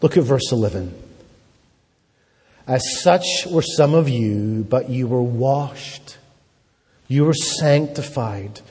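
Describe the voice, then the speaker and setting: A man's voice: a little high, a little mellow, husky. A man preaching a sermon as a pastor, building emphasis through repeated phrases. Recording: long hall reverb.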